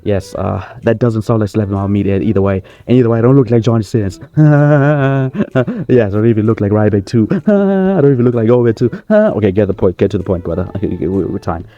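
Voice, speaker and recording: Man as a swaggering wrestler at a mock presser, deep and warm, rambling self-praise. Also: expressive, brisk, hardly any pauses, muffled recording, soft background music. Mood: boastful. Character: boastful male wrestling-star impression holding a press conference. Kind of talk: comedy sketch.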